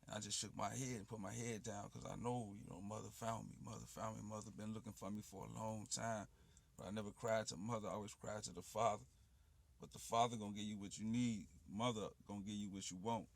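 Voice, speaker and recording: A man's voice: on the low side, steady tone, a little fast, vocal fry. A man telling a personal story in loose, rambling street slang with frequent asides. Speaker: poet and channel host.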